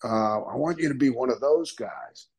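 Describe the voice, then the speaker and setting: Husky older man telling lively stories. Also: medium pitch, moderate pace, poor audio. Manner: animated storyteller, acts out quoted voices, laughs often. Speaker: guest, retired wrestler. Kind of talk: storytelling interview.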